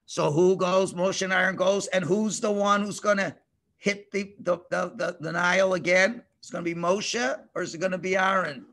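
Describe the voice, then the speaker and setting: A man teaching children through a story over a video call, animated and playful, with sound effects. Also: high-pitched, normal speed, creaky.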